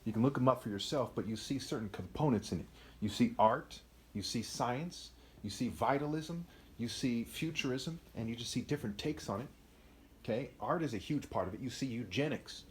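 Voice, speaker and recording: A man's voice: mid-range voice, fairly quick, a little hiss or hum. A man giving a rambling, emphatic unscripted monologue, often tossing in "right?" asides.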